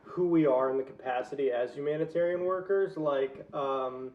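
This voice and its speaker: Southern man, softened accent, rambling co-host chat, a little high, roomy muffled sound. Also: normal speed, recorded from a distance. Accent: Southern American, softened. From American South. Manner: loose and rambling, heavy on fillers. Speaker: podcast co-host. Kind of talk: casual chat.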